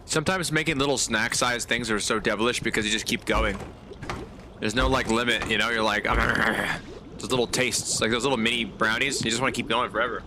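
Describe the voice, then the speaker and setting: A male game streamer chats through casual gameplay commentary in laid-back slang, often chuckling. His voice is mid-pitched and ordinary. A clear hum of background noise sits under his talk. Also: fairly even intonation, brisk.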